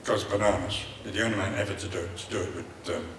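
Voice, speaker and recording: A man's voice: low-pitched, steady tone, fast talker, roomy sound, recorded from a distance, background noise. An older man with an Irish accent, telling rambling, theatrical anecdotes as a guest on a convention panel. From Ireland. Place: large convention hall.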